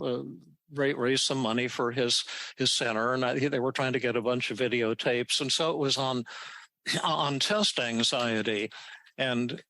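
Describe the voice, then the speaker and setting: An older man hosting a podcast, telling a story casually and haltingly, with many restarts and repeated words. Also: medium pitch, bright, forceful tone, no room sound. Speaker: podcast host answering listener questions.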